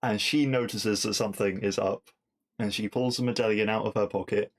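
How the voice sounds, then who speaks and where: A man's voice: on the low side, steady tone, a little fast. A young man hosting a podcast, chattily recapping an episode and quoting its lines. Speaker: podcast host.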